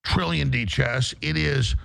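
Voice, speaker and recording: A man with a gravelly voice in a heated debate, talking in a dramatic, rambling, alarmist way. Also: medium pitch, a little slow, fairly bright tone, no room sound. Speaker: debate guest.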